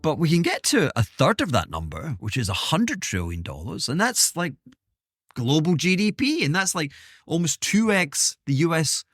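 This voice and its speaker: A man's voice: fairly high pitch, a bit bright, breathy edge, dry recording, studio quality. A man hosting his own podcast, talking in a rambling, self-interrupting way with wry asides. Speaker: podcast host. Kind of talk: casual solo monologue.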